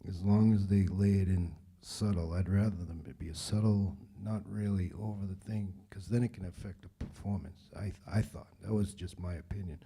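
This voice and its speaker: A man answering audience questions about directing in a relaxed, rambling way. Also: low-pitched, normal speed, gravelly, hardly any pauses, slight background noise. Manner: relaxed, rambling, frequent fillers. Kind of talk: casual panel Q&A talk.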